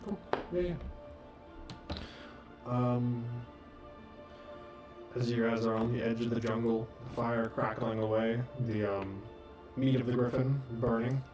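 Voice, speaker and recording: A man's voice: mid-range voice, slow, pauses often. A young man as game master of a tabletop game, explaining rules patiently and laughing often. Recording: echoey room with music underneath.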